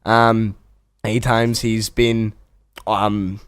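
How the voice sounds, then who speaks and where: A young man, co-hosting a comedic radio show, playful and quick to laugh. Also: fairly low pitch, level tone, fairly bright tone, clear, resonant tone. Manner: playful, laughs often, eggs the others on. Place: radio studio.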